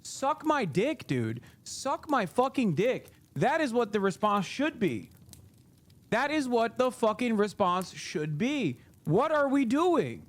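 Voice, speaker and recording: A man with a high voice delivers an angry live-stream rant. He swears freely and keeps hammering the same lines for emphasis. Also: very animated, slow. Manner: heated, profane, repeating phrases for emphasis. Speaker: streamer host.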